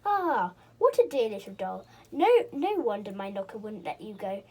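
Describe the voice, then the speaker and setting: A woman voicing a grumpy old male pixie spell maker who booms loudly. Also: big pitch swings, moderate pace. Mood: delighted. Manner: loud, booming.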